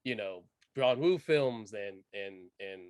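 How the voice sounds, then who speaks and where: Animated man chatting about films. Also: lowish voice, slow, dry recording, clean studio sound. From United States. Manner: animated, enthusiastic, many fillers and restarts. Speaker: podcast co-host. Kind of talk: casual film discussion.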